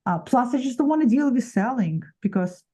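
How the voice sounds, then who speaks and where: A woman's voice: fairly high pitch, lively intonation, a little fast, warm tone. A woman chatting casually on a video call, reading out viewer comments and joking. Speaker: co-host.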